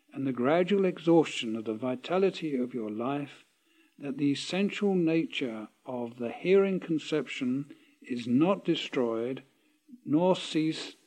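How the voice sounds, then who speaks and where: A man reading a parable aloud and explaining it, slow and deliberate with pauses and self-corrections. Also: on the high side, darkish tone.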